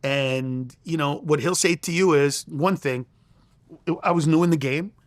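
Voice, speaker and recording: A man's voice: fairly high pitch, a little slow, no room sound. A middle-aged man, a comedian guest in an interview, telling stories in an emphatic, profane way with stammering restarts. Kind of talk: animated interview storytelling.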